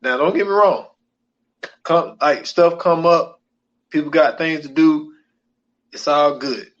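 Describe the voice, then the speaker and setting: A man's voice: on the high side, slow. Rambling man on a dull podcast mic. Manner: loose, repeats himself, keeps saying "man". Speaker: podcast co-host. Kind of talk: casual podcast chat.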